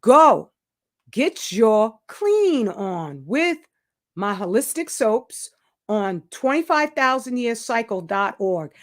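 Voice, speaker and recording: Woman, channel host, casual monologue, rambling, blunt, emphatic, somewhat high voice. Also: very animated, slow.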